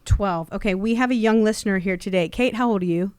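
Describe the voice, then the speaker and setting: A middle-aged woman hosts a casual podcast in a playful, teasing way, firing off quiz questions. Her voice sits at a medium pitch, and the recording is dry with little room sound. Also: fast, a little mellow, smooth, no echo. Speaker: podcast host and company owner.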